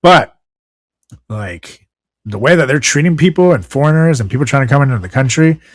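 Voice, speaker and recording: A man's voice: medium pitch, expressive, fairly quick, no room sound. A man co-hosting a podcast, ranting casually and sarcastically about the news with lots of swearing. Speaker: podcast co-host.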